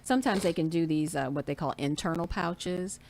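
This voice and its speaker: Woman in her 40s, deep voice, bit of fry, open casual storytelling. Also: brisk, a little mellow, a little hiss or hum. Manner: candid storyteller, acts out what people said. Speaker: guest. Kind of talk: casual interview chat.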